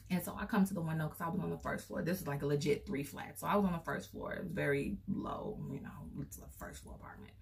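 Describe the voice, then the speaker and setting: A young woman vlogger tells a personal story casually and in a rambling way, filling the gaps with fillers. Her voice sits low, with a gravelly fry, and it sounds as if it is picked up from some distance away from the mic. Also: quick pace, hardly any pauses.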